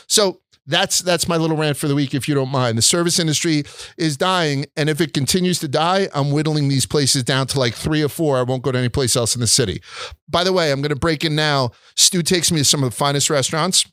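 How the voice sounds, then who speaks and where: A young adult man hosting a casual chat, telling stories in an animated way and swearing often. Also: a little high, fairly quick, dry recording, studio quality. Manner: animated storytelling with frequent swearing. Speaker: host.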